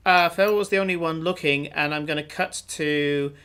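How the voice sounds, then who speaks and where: A man's voice: fairly high pitch, steady tone, normal speed, pushed and bright, clean tone. Man narrating a tabletop game. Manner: rambling, many filler sounds. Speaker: game master.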